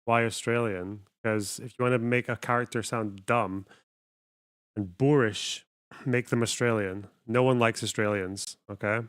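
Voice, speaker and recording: A man's voice: on the low side, fairly even intonation, unhurried, fairly bright tone, clean tone, no room sound, clean studio sound. A man hosting a livestream, giving casual, sardonic reaction commentary and swearing freely. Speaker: livestream host.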